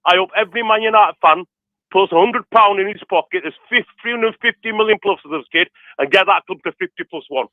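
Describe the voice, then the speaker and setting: A man's voice: high voice, fast, dry recording. Impassioned Yorkshire man on a phone line. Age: 50s. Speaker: caller. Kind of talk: passionate phone-in rant.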